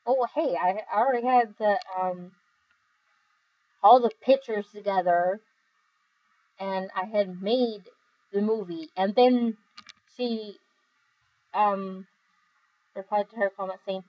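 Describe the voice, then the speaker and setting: Tired, giggly young woman chatting slowly. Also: medium pitch, fairly even intonation, lo-fi sound. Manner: giggly, rambling, with many fillers. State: overly tired. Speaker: video creator reading comments. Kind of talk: casual chat.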